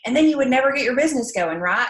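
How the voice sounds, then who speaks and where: A woman's voice: high-pitched, expressive, racing. Upbeat Southern woman from Alabama. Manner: chatty, upbeat, drawling with frequent fillers. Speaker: network marketing presenter. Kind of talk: casual training talk. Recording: echoey room.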